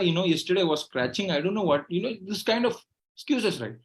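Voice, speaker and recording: A man with a high voice and a Malayali Indian English accent delivers a motivational speech. He fires off rhetorical questions and checks in with the crowd by asking "right?" after each point. His delivery stays animated throughout. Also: moderate pace, long pauses. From Kerala, India. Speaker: motivational speaker.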